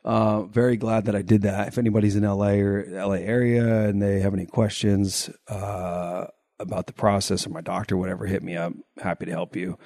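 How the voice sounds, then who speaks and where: Low dark-voiced guy, bit stuffy in the nose, rambly easygoing podcast chat. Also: level tone, a little fast, no room sound, clean studio sound. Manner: rambling, repeats words as he thinks. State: a little congested. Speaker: podcast co-host. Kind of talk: casual chat.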